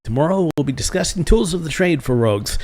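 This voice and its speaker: A man's voice: fairly high pitch, animated, fast talker, a little mellow, pitched above the performer's own voice. A man voicing a stern older male rogue-class master with a put-on German accent, formal and lecturing.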